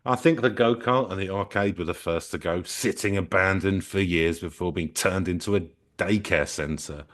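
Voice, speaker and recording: Casting: male podcast co-host, deep voice, dry playful humor. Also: normal speed. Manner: playful, deadpan joking. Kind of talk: comedic podcast chat and story reading.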